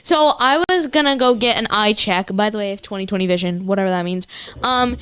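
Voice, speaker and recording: A woman's voice: mid-range voice, fairly quick, fairly bright tone, clean tone. A teenage girl co-hosting a casual chat show, telling stories in a chatty way full of fillers. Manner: chatty storyteller, lots of fillers and laughs. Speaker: co-host.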